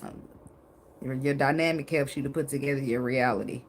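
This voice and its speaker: A woman's voice: a bass voice, fairly even intonation, brisk, slight background noise. A woman doing a casual tarot reading, chatty and joking, with casual swearing. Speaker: tarot reader.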